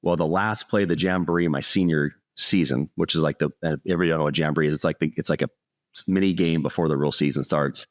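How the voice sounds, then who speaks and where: A middle-aged man, a sales speaker, telling a personal story in an earnest, animated way during an interview. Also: extremely low pitch, quick pace, dry recording, clean studio sound.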